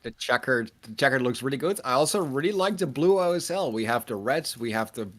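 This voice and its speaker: A man's voice: medium pitch, expressive, brisk. A man guest in a casual chat, enthusiastic and self-mocking.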